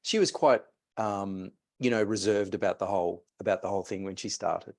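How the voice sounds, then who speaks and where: Man, lowish voice, coaching, storytelling. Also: normal speed, gravelly, darkish tone. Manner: storytelling, re-enacts conversations. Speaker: mindset coach and breathing teacher. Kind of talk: guiding a breathing exercise in an interview.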